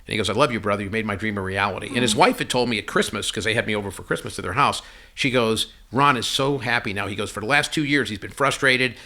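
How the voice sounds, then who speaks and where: Fast-talking bright male storyteller. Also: lowish voice. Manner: animated storyteller who acts out dialogue. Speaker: podcast guest, company CEO. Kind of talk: conversational storytelling interview.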